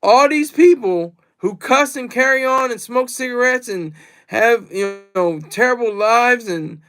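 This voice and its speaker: During a casual livestream, a man rambles through a monologue, repeating himself and reading the chat aloud. His voice is very high, a little bright, and unhurried.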